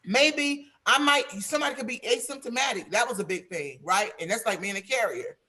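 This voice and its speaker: A woman's voice: a little high, animated, fairly quick, sharp tone. A woman on a video call giving emphatic, plain-spoken advice as a panelist in an online discussion.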